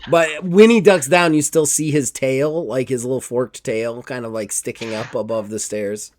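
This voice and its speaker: A man's voice: medium pitch, moderate pace. A man running a tabletop horror game, narrating loosely with lots of fillers. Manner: loose, rambling with many fillers. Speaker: game master.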